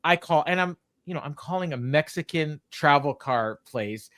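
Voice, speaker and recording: A man's voice: fairly high pitch, animated, normal speed, fairly bright tone, no echo, clean studio sound. Rambling man telling stories. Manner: rambling storyteller, many ums and restarts. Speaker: co-host. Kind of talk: casual podcast chat.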